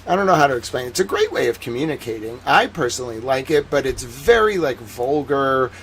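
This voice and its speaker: A man with a Massachusetts accent hosts a livestream. He chats in a loose, rambling way at a middling pitch and leans heavily on "like" as he works out his thoughts. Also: very animated, brisk, a little hiss or hum. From Massachusetts, USA. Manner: rambling, heavy use of "like" fillers. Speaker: livestream host. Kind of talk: casual livestream chat.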